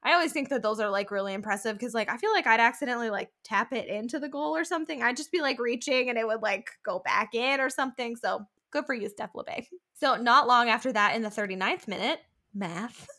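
A woman's voice: a little high, quick pace, bright, forceful tone. A young woman co-hosting a podcast, chatting casually about a soccer match, swearing and laughing often. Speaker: podcast co-host. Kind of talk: casual sports chat.

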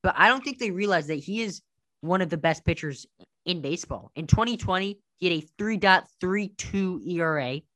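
A man co-hosting a casual sports podcast, animated and heavy on statistics. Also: high voice, fairly quick, no echo. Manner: stat-heavy, animated, jokingly does an impression. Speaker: podcast co-host.

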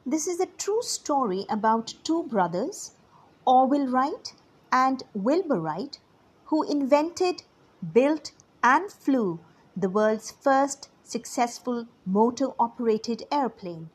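A woman reading a true story aloud to children, in an expressive storytelling manner and speaking directly to her young listeners. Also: high-pitched, slow pace, husky.

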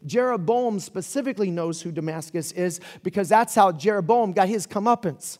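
High-voiced animated male preacher. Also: fairly quick, hardly any pauses. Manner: animated, conversational preaching with rising shouts. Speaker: pastor. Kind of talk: sermon.

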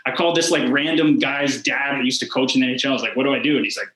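A man's voice: mid-range voice, steady tone, very fast, sharp tone. A man in his twenties, a former hockey player, telling his story in a casual interview. He rambles and fills his talk with "like" and quoted back-and-forth. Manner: rambling, heavy use of "like" and quoted dialogue. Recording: echoey room.

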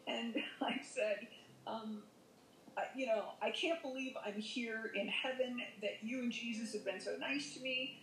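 Her voice sits on the high side, fairly bright and evenly intoned, and she takes her time. Appearing on a podcast, this woman rambles through her personal brush with death, correcting herself and using lots of fillers, in an echoey room with a little hiss or hum.

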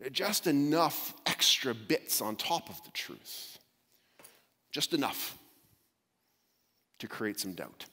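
A man's voice: lowish voice, sharp tone, breathy edge, in a large hall. A male preacher giving an emphatic sermon that often restarts his words mid-sentence.

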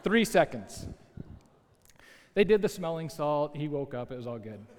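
A man preaching a sermon as a pastor, telling a story in a lively, conversational way with asides to the listeners. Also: a little high, a little slow, a little hiss or hum. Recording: long hall reverb.

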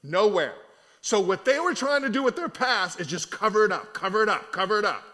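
Lively high-voiced male preacher. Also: fairly quick. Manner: animated, colloquial preaching. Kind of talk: conversational sermon.

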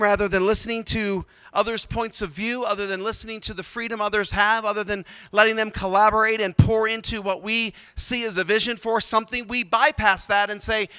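A man preaching a sermon, swinging from loud emphatic bursts to quiet low asides. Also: clear, resonant tone, no room sound, in a large hall. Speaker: pastor.

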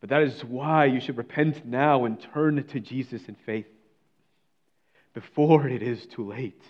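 A man preaching a sermon, reading scripture and telling a story, swinging between bold declaiming and hushed, almost whispered passages. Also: medium pitch, measured pace, muffled recording.

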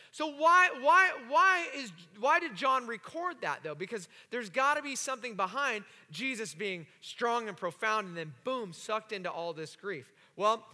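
A pastor preaching a sermon to his congregation, animated and joking with the room. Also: extremely high pitch. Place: church sanctuary. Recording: long hall reverb.

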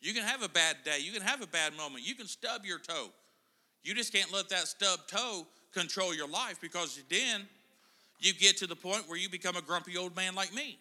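A man's voice: high-pitched, moderate pace, sharp tone. A middle-aged man preaching a casual sermon in a church, chatting and joking with the congregation. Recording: church hall reverb.

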